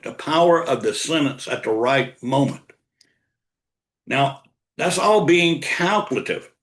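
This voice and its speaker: A man's voice: on the high side, fairly bright tone. An older man giving a motivational sales coaching talk, repeating key lines for emphasis. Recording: roomy echo.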